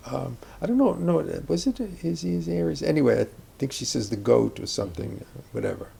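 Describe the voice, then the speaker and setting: An older man explains acting craft in an easy, meandering interview manner, full of asides and restarts. His voice is deeply gravelly and husky, with a dark, mellow tone. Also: expressive, fairly quick. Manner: reflective, rambling with asides and restarts. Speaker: acting teacher. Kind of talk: conversational interview about acting.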